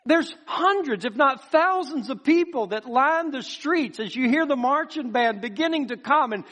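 A pastor preaches in a notably high voice for a man. He's folksy and animated, throwing out rhetorical questions and slipping into acted-out voices as he makes his point to the congregation. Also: normal speed. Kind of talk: sermon.

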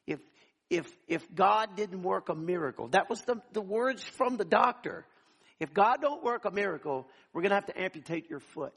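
A man's voice: sits high, gravelly, fairly bright tone, slightly rough. A man, preaching a sermon in a church and telling stories animatedly, acting out the people he quotes. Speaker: pastor. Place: church sanctuary.

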